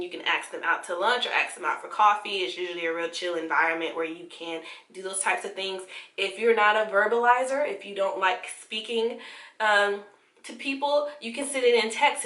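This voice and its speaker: A woman's voice: medium pitch, sharp tone. A young woman giving casual, encouraging advice straight to the camera, talking conversationally with fillers and restarts. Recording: echoey room.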